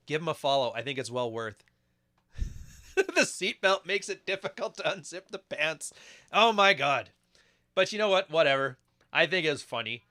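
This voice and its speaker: A man's voice: medium pitch, pushed and bright. A man hosting a podcast, giving crude, joking commentary on video clips and laughing often. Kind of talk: casual reaction commentary.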